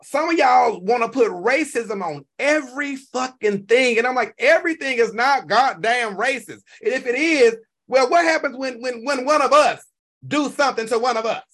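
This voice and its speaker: A man, hosting a live stream and reacting to chat in an animated, profane, talk-back way. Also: extremely high pitch, normal speed. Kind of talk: casual live stream commentary.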